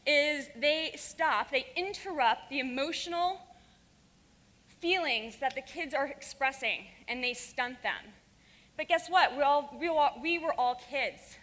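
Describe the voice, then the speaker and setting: A woman speaking on stage with a high, bright and forceful voice, fiery and blunt, swearing freely. The sound rings with the long reverb of a large conference hall. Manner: fiery, frank and profane. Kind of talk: stage talk to a live audience.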